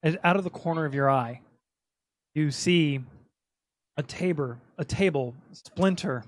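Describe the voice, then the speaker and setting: A man's voice: on the high side, measured pace, dry recording. A man narrating as game master in a casual, laughing manner, often restarting his words.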